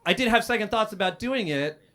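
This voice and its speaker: Man, stand-up comedian, roast battle, deadpan, halting pauses, comedy club stage. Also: high voice. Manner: deadpan, dry delivery with many "uh" pauses and loud outbursts.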